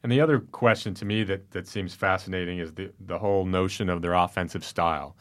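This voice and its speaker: A man discussing basketball in a measured way and asking his co-host questions. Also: low-pitched, steady tone. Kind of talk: casual sports discussion.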